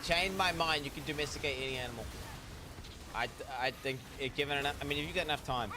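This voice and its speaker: A young man streaming reacts to videos, rambling and chatting casually with heavy swearing and lots of animation. His voice is a little high and he talks fast over a noisy background.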